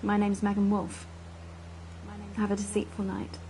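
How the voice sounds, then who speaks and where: A woman's voice: medium pitch, completely flat delivery, a little slow, music in the background, lightly acted, poor audio. An actress playing a posh woman TV presenter who is obsessive and unhinged under a put-on posh voice. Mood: pleading. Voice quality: posh put-on voice slipping into broad Irish. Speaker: TV presenter character. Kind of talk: comic drama monologue.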